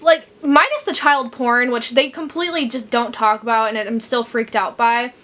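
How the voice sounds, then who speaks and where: Speaking at a moderate pace with a steady tone, this book vlogger has a slightly high, somewhat bright voice. She's a young woman from Chicago, USA, who rambles casually, says "like" constantly, and occasionally becomes teary.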